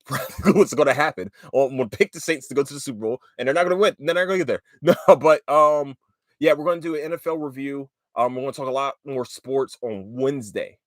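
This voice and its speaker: A man's voice: mid-range voice, dry recording, studio quality. A man in his late twenties or thirties hosting a solo podcast, chatting casually in a loose, rambling way, with frequent swearing and filler words. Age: late 20s to 30s. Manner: rambling and profane, with lots of fillers and loose tangents. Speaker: podcast host.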